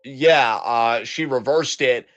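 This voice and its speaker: A man co-hosting a live wrestling reaction show, talking in a loose, animated, profane way and rambling through his thoughts. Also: medium pitch, slow, muffled recording. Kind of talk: casual live commentary chat.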